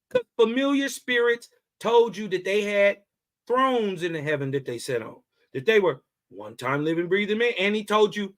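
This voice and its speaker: A man's voice: sits high, expressive, normal speed. A man reading scripture aloud and breaking off into mocking, laughing street-slang commentary, often checking that his listeners follow. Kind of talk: casual religious commentary.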